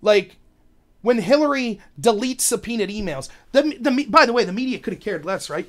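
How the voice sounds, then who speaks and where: A man hosting a podcast, delivering an animated, rambling opinion monologue and acting out quotes in other voices. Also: high voice, brisk. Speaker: podcast host.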